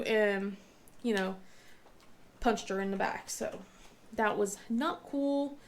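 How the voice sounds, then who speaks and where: A woman in her thirties, a vlogger and crafter, chats casually while she works on a craft, rambling and restarting often because her mouth is sore. Her voice is a little high and her pace is measured.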